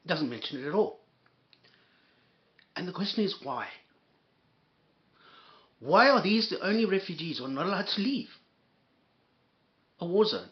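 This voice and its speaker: A man hosts a reaction commentary in a fairly high voice that leaps up and down. He sounds heated and sarcastic and swears freely. The sound is dull and lo-fi. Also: big pitch swings, a little slow, pauses often. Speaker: commentary host.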